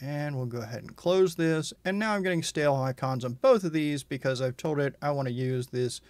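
Guy chatting through an app tutorial step by step, kinda high voice, super dry sound. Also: fairly quick, darkish tone, no room sound. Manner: casual, conversational explaining. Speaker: tutorial host. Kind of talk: software tutorial walkthrough.

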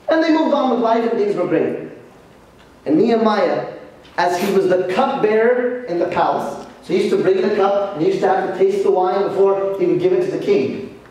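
A man, a priest, giving a lively sermon lecture and telling stories with acted-out voices. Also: high voice. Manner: animated storytelling, acts out quoted voices. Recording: echoey hall, distant mic, faint noise.

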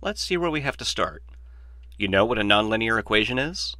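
A man's voice: on the low side, lively intonation, fairly quick, pushed and bright, no room sound. A man voicing a glib, opinionated male mathematician in a dry, lecturing, sardonic manner, read as an audiobook. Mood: brisk. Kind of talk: audiobook reading.

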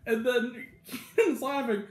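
A man's voice: very high voice, unhurried. A young man reviewing a TV episode in a rambling, casual monologue, laughing often and acting out quotes. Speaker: TV review vlogger. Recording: echoey room.

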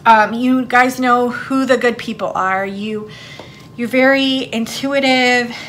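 A woman's voice: on the high side, takes it slowly, fairly bright tone, slight background noise. A woman giving a casual tarot card reading for her channel, chatting in a rambling way with lots of fillers. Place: her home, downstairs.

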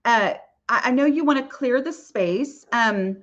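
A woman's voice: a little high, unhurried, dull audio. A woman hosting a casual live Q&A and answering viewer questions, talking in a chatty, rambling way with many fillers and restarts.

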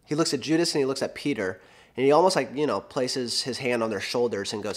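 A young adult man giving a casual sermon, retelling a Bible story in a conversational, animated way with fillers. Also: mid-range voice, quick pace. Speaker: preacher.

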